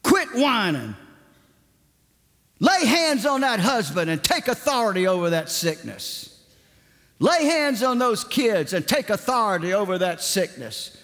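A stern, impatient evangelist father, put on by a preacher, barks scolding orders in a raised, forceful voice. Long reverb hangs after each command in the big hall. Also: high voice, big pitch swings, a little slow, voice pushed up, heavily acted.

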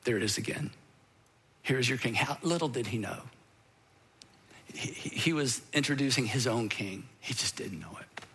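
A man preaching a sermon as a dramatic story, swinging from emphatic bursts to hushed whispers. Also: medium pitch, lively intonation, moderate pace, a little hiss or hum.

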